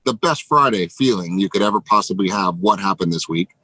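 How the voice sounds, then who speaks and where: A man giving an energetic motivational pep talk to real estate agents, emphatic and casually profane. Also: sits low, brisk, no room sound, low-quality recording. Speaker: real estate team leader.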